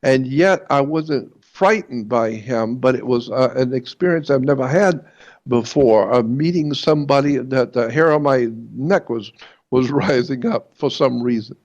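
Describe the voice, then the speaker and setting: A man in an interview telling a personal story in a halting way, repeating words and slowing down for emphasis, on a dull lo-fi recording. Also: mid-range voice, a little mellow. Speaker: guest.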